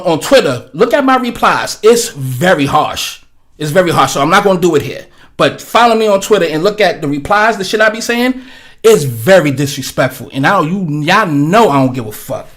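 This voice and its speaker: Male stream host, high voice, profane rambling rant, webcam mic. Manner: blunt, profane, rambling with many fillers. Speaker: livestream host. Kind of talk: profane ranting commentary. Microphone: webcam setup.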